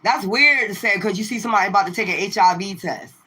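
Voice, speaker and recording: Speaking quickly in a bright, forceful, slightly rough voice of medium pitch, a tarot reader rants live to her viewers. Her delivery is profane and confrontational, and she keeps firing off the same rhetorical questions.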